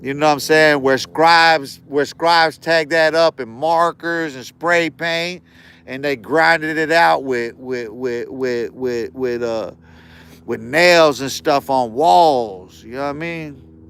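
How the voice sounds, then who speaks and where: A man's voice: a little high, takes it slowly, fairly bright tone, clean tone. A man ranting on a live stream in casual street slang, heated and repeating himself.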